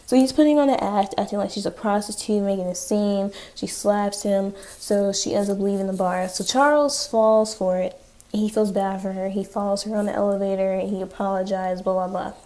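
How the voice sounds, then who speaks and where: Mellow-voiced woman, chatty and profane. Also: medium pitch. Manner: chatty, profane, sarcastic asides. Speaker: TV recap vlogger. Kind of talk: casual episode recap.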